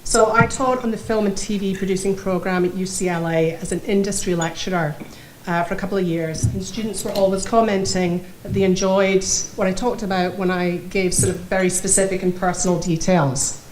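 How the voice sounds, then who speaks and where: A woman's voice: mid-range voice, fairly even intonation, brisk, a little mellow. A Scottish woman giving a keynote speech at an awards dinner in a chatty way, with small laughs. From Scotland. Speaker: keynote speaker. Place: banquet hall. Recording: echoey hall, faint noise.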